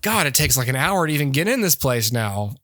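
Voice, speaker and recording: A man's voice: mid-range voice, very animated, brisk, a bit bright, dry recording, studio quality. A man, a podcast co-host, in casual chat, rambling through a story with restarts and frequent laughter.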